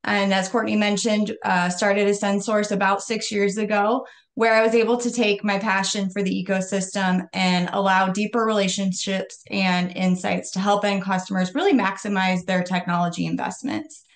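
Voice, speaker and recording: A woman guest on a live talk show who founded her own company, speaking earnestly and at a measured pace over a video call. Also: mid-range voice, steady tone. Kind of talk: interview talk.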